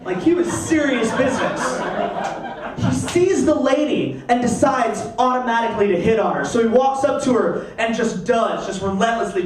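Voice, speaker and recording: A man works a stand-up set, his high voice bouncing around a very reverberant room. He stands a little off the mic, and a live crowd laughs and reacts throughout. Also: normal speed. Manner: animated storytelling with put-on voices. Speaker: stand-up comedian. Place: comedy stage before a live audience. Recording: roomy, distant mic with audience laughter.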